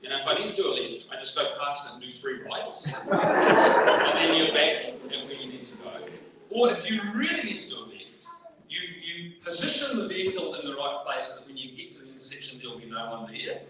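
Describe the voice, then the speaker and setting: A man's voice: on the high side, animated, a little fast, very noisy, lightly acted. A man playing his laid-back younger brother, who explains himself plainly. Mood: matter-of-fact. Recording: echoey church hall, distant mic.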